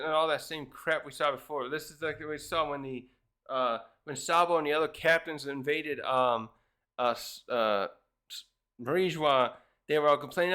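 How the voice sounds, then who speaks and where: A man's voice: on the high side, pushed and bright. A man casually reviewing a comic chapter, rambling with many fillers and restarts. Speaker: manga reviewer.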